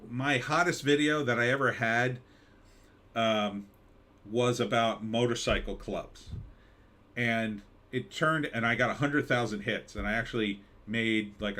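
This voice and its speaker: A man's voice: lowish voice, normal speed, bright, forceful tone. A man hosting a live stream, chatting casually and reading viewer comments, with a mid-Atlantic American accent. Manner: rambling, conversational, with mock announcer bits.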